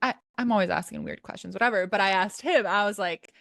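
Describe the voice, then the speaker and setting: A woman's voice: medium pitch, fast talker, vocal fry, a bit bright, dry recording, clean studio sound. A woman hosting a podcast in casual chat, rambling and giggling, with many restarts. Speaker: podcast host.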